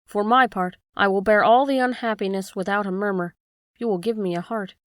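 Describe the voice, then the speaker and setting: A woman's voice: medium pitch, fairly even intonation, brisk, no room sound, clean studio sound, close to an everyday voice. A woman reading the lines of a tin man who speaks earnestly and politely.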